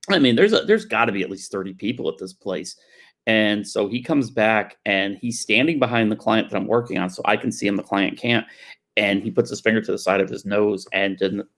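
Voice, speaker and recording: Low-voiced profane storytelling man. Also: creaky. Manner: rambling, profane, anecdotal. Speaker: tattoo artist telling a story. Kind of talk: casual storytelling.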